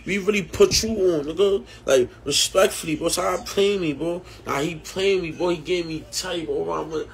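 A man's voice: a little high, normal speed, gravelly. A man with a New York accent ranting angrily on a livestream, repeating threats and insults at another rapper. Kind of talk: heated livestream rant.

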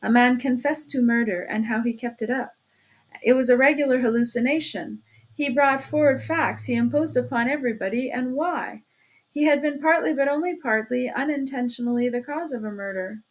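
A woman's voice: sits high, normal speed, pitched above the performer's own voice. A woman doing a sly, chatty male investigator. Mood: chummy, insinuating. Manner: talkative, teasing, insinuating. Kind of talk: audiobook reading.

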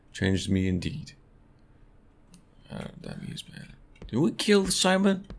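A man's voice: fairly low pitch, creaky, slight background noise. A man playing a horror game on his channel, swearing often and laughing nervously as he reacts. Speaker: gaming youtuber. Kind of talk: horror game let's play commentary.

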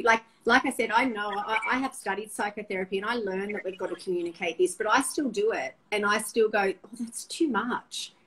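A woman's voice: mid-range voice, fairly bright tone, low-quality recording. A middle-aged woman, a guest sharing personal stories candidly and emotionally, often restarting her sentences. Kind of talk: open personal storytelling.

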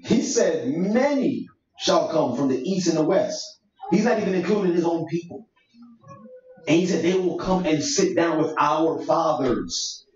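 Male elder teacher, high voice, slangy emphatic preaching, dull distant echoey recording. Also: lively intonation, measured pace, a little mellow. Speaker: church elder leading Bible study. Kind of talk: sermon-style Bible teaching. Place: church meeting room. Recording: echoey room, distant mic, dull sound.

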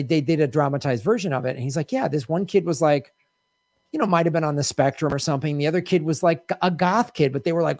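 A man's voice: a little high, gravelly, darkish tone, no room sound. Laughing man telling a comic story. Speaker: game show host. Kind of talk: casual comedy podcast chat.

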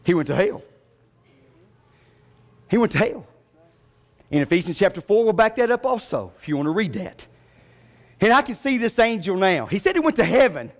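A pastor preaches a sermon in a strikingly high voice. He swings from low murmurs to loud, ringing calls. His voice trails off into the long reverb of a church sanctuary. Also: big pitch swings, normal speed, pauses often.

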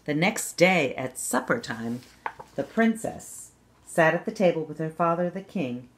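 A woman reading a fairy tale aloud for children, at a gentle, measured pace. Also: low voice. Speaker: storyteller.

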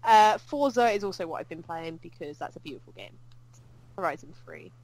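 A woman co-hosting a podcast, chatting casually and rambling about games with quick asides. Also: fairly low pitch, expressive, darkish tone, poor audio. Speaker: podcast co-host. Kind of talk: casual gaming chat.

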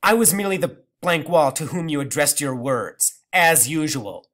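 A man reading aloud and voicing a bitter, scolding elderly grandmother with a sharp, indignant, raised voice. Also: a little high, expressive, moderate pace. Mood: scornful.

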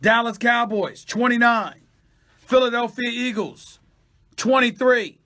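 High-pitched, piercing ranting sports commentator man. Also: slow. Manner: loud, emphatic, repeats phrases for punch. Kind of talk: heated sports-TV rant.

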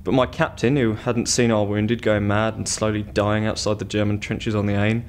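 An actor reading the letter of a bitter, resentful British First World War officer in a clipped way. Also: male voice, on the low side, little pitch movement, normal speed, slight background noise, close to an everyday voice.

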